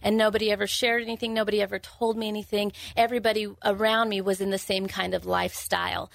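A woman, giving an earnest, halting personal testimony in an interview, with frequent restarts. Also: medium pitch, flat delivery, vocal fry, no echo. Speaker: guest sharing her testimony.

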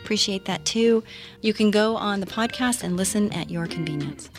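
A woman's voice: mid-range voice, moderate pace, over loud music. A middle-aged woman hosting a faith-based radio talk show, earnest and encouraging, laughing often.

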